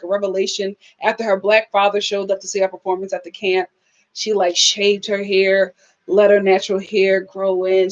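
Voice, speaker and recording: A woman's voice: mid-range voice, highs cut off. A young woman, chatting casually on a live stream, reading viewers' comments, laughing often and quoting people in exaggerated voices. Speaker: host of a live TV review stream.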